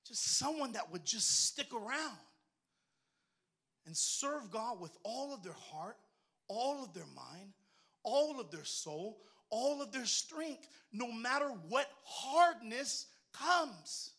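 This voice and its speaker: Preach it as a woman minister, bright and forceful, moving from shouts down to a soft, low storytelling voice. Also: expressive, slow, husky. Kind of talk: sermon.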